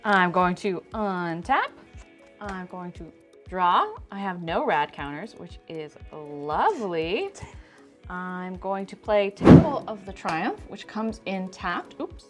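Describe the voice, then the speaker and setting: A woman's voice: lowish voice, lively intonation, takes it slowly, soft background music. A woman at a card game table, teasing the other players and narrating her turn step by step. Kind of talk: casual game-table chat.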